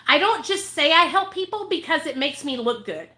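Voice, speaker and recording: High bright-voiced woman ranting. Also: expressive, normal speed. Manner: angry, profane, emphatic, repeats points. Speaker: recovery advocate vlogger. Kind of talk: heated rant to camera.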